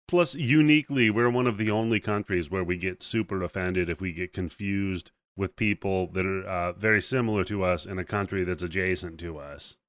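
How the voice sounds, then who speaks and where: A man hosts a casual film podcast, walking through the plot with animated, profanity-laced retelling. His voice sits on the low side. The sound is dry and close. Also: moderate pace, few pauses, dry recording. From United States. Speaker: podcast host. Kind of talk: casual movie-review chat.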